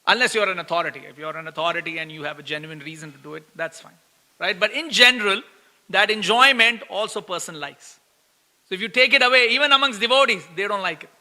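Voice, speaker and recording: Man, sermon, lively and storytelling, keeps asking "right?", long hall reverb. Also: high-pitched, fast talker. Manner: lively storytelling, acts out quoted complaints, laughs often; asks listeners "right?" again and again. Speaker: preacher giving a scripture class. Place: temple hall.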